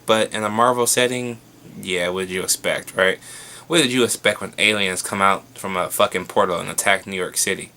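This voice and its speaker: A man giving a casual, chatty review of a TV episode, excitable and swearing freely. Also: low voice.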